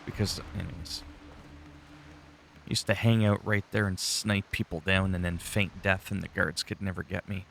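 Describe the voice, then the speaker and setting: A man's voice: low-pitched, flat delivery, moderate pace, vocal fry, fairly bright tone, slight background noise. A man giving casual, rambling commentary while playing a game, chatty and swearing freely. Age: adult, long-time player. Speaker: gaming channel host.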